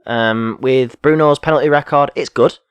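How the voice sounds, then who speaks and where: A man's voice: mid-range voice, normal speed, smooth, dry recording. Rambling man in casual football chat. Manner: rambling, self-correcting, fillers. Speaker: podcast co-host.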